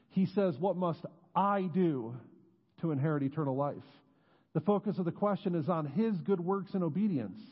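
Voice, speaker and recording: A man preaching a sermon as pastor, earnest, dropping low and slow on key words. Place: church sanctuary. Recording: muffled sound with long church reverb.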